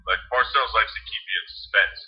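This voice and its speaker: A man, a podcast guest telling stories in a blunt, animated way and acting out quotes. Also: fairly low pitch, brisk. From Harrison, New Jersey. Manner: animated storyteller, blunt and salty, acts out quotes. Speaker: podcast guest, former quarterback. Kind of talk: casual storytelling chat. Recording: dull lo-fi podcast audio.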